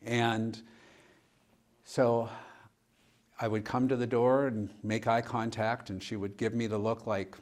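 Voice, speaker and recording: A man's voice: mid-range voice, flat delivery, takes it slowly, pauses often, darkish tone. Male pastor, mid-range voice, easygoing storyteller for a church panel. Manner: conversational, retells dialogue with "and she goes". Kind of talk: personal storytelling in a panel discussion.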